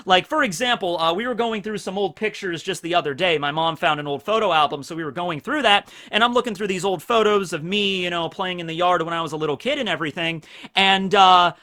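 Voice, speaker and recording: Guy rambling about an anime with tons of likes and you knows, pretty high voice. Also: fairly quick. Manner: rambling, full of fillers, jumps into animated voices. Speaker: anime commentator. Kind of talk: casual solo commentary.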